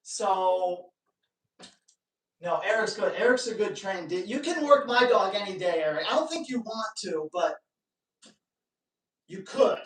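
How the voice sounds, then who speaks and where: A man hosting a live dog-training Q&A, telling stories in a lively way and joking with his viewers. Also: high voice, moderate pace. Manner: animated storytelling, joking asides. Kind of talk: casual live-stream talk. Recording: echoey room, distant mic.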